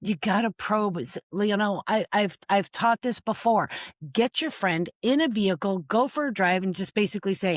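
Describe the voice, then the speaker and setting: An earnest woman talks as an interview guest, mixing laughter with heartfelt appeals. Her voice sits at a middling pitch and is recorded close and dry, with no room echo. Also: normal speed. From United States. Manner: earnest, laughs often, tag questions. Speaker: guest, nonprofit founder. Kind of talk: emotional interview talk.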